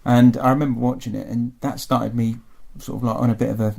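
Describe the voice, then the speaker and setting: A man's voice: mid-range voice, level tone, fast, vocal fry, a little mellow. A man interviewed by his aunt on a podcast, answering in a hesitant, rambling way. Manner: hesitant, rambling, laughs easily. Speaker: interview guest. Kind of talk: casual interview.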